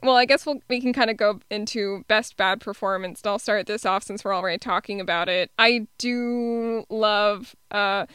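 A woman co-hosting a film podcast in an easy, unhurried way, often stopping on small ums. Her voice is bright and very crisp. The sound is dry and close, with no room around it. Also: mid-range voice, no room sound. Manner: relaxed, hesitant with many ums. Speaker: podcast co-host. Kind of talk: casual film review chat.

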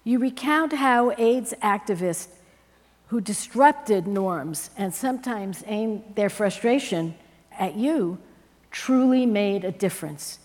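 A woman speaks as an interviewer on stage, direct and engaged as she puts her questions to the guest. Her voice sits at a middle pitch and carries a long reverb from a large hall. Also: lively intonation, takes it slowly, darkish tone. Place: stage before a live audience.

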